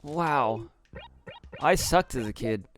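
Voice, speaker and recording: A man talks through a video game with loose, casual chatter, his voice sitting at an ordinary middle pitch. He laughs easily and perks up fast, while soft game music plays faintly underneath. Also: lively intonation. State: out of breath. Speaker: streamer playing a video game. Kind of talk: casual gameplay commentary.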